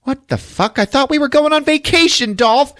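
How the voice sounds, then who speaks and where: A man voicing an exasperated young woman, a fed-up girlfriend, in a shrill, indignant squawk. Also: expressive, moderate pace, a bit bright.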